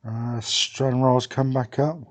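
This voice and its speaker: A young man casually commenting on a football management game, thinking aloud with many fillers and pauses. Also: medium pitch, fairly even intonation. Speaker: gaming video creator.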